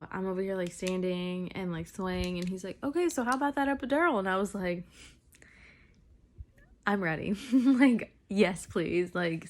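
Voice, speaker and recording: A young woman, a new mother, casually telling her birth story to camera, animated and full of "like", acting out what others said. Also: mid-range voice. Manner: animated, fillers like "like", acts out quotes.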